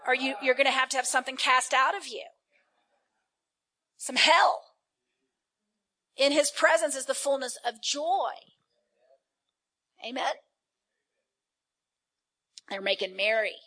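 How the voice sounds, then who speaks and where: Lively woman preacher, high voice. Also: normal speed, long pauses. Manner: lively, calls out to the congregation. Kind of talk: sermon.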